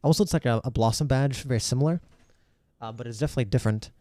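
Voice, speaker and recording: A man's voice: medium pitch, racing, mellow, slight background noise. A man narrating a tabletop game as game master, rambling with lots of fillers and restarts.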